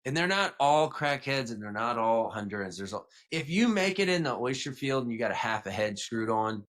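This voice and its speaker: Animated and brisk, a young man with a mid-range, slightly bright voice tells stories as a guest on a casual podcast interview. He's from Louisiana, south of New Orleans, with a faint South Louisiana accent, and he rambles, self-corrects, and uses many "like"s and "you know"s.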